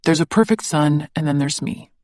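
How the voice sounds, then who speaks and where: An audiobook reader voicing a guarded adult man who is bitter about his father, spoken in a subdued, low-key way with very dry sound. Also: moderate pace, a little mellow, no room sound, lightly acted. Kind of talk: audiobook dialogue reading.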